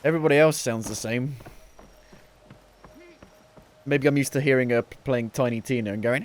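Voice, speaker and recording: A man's voice: medium pitch, normal speed, pauses often, a little hiss or hum. A man streaming a video game, joking and chatting as he plays, talking into a headset. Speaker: gaming streamer. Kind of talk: let's play commentary.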